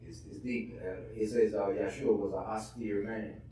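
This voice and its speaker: A man speaking in a low-key, measured way as teacher of a Bible study class. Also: fairly even intonation, mellow. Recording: very echoey room, far from mic, faint noise.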